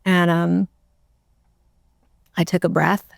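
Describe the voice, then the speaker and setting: A middle-aged woman, an interview guest, telling her own story in a halting, emotional way, close to tears, with many restarts. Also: on the low side, little pitch movement, vocal fry, dry recording. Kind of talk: personal storytelling.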